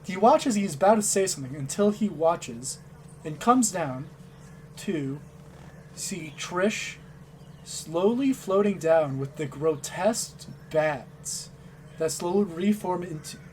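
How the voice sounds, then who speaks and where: A man's voice: on the high side, expressive, takes it slowly, darkish tone. A man narrating a tabletop role-playing game as game master, in a casual way that often repeats words. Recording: faint background noise.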